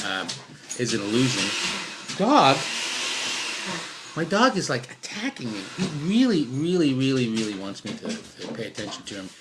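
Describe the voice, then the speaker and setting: A man's voice: medium pitch, very noisy. A middle-aged man at home giving casual life advice in a rambling, unscripted way, full of fillers and restarts and self-deprecating asides. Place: at home with his dog.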